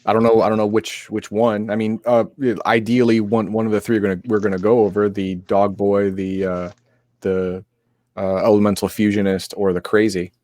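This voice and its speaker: A man's voice: fairly low pitch, flat delivery, normal speed, darkish tone, no echo, studio quality. A sick man co-hosting an RPG stream, explaining game rules in a rambling way with many restarts. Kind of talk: casual chat.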